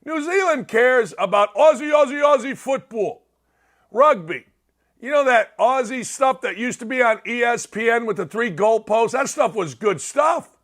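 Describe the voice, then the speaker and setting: A middle-aged man hosting a sports talk show, delivering a sarcastic, opinionated monologue with wide swings for emphasis. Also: moderate pace. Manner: sarcastic, animated, swings pitch widely for emphasis.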